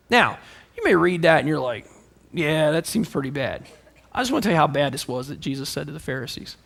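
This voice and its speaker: A man preaching a sermon in a fairly high voice with a gravelly edge. He tells stories with animation and swings from emphatic points to hushed asides. He is a young adult pastor. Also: expressive, fairly quick.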